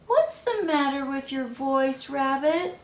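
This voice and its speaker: A woman's voice: sits high, animated, slow, reverberant, voice pushed up, heavily acted. A woman reading aloud and voicing a kindly male groundhog who fusses over his neighbors' ailments and gives earnest advice. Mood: concerned, advising. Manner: earnest, fussing, helpful.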